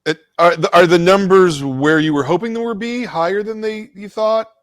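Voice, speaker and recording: A man's voice: high voice, moderate pace, no room sound. A man hosting an interview, asking casual questions and repeating words as he stammers. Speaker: interview host.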